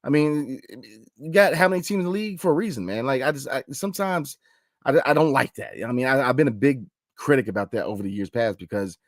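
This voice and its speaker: Man, podcast host, casual and animated, pitch swinging widely, dry close mic. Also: fast, no echo. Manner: animated, talks through slang and repeated fillers. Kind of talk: late-night sports podcast chat.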